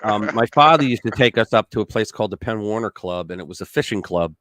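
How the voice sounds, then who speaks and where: A man's voice: on the low side, lively intonation, fast, a bit bright, no room sound. A man in his sixties hosting a casual livestream, telling long rambling stories. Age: 60s. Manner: rambling storyteller who acts out the voices. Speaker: host.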